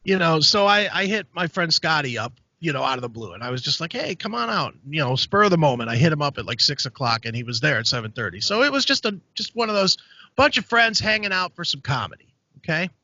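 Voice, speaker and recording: A man hosting a podcast, telling a story in a casual, profane, animated way. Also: on the high side, fast, dry recording. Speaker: podcast host. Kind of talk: casual chat. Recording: dry, dull lo-fi sound.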